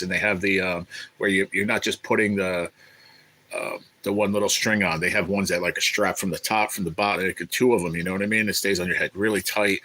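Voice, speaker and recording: A man's voice: on the low side, sharp tone, poor audio. A man hosting a casual livestream, rambling and swearing as he answers viewers in the chat. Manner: rambling, profane, chatty with viewers. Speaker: livestream host reading chat.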